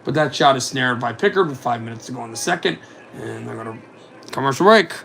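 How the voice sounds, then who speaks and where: A man calling hockey play-by-play for a fan simulcast, in a rapid running commentary with asides on other scores. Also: medium pitch, animated, gravelly, a bit bright, slight background noise.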